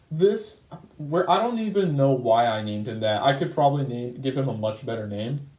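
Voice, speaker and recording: Talking about his old comic on his own video channel, a man rambles casually, using lots of fillers and "like" while restarting and correcting himself. His voice is on the high side with a darkish tone, and the poor audio comes from an echoey room.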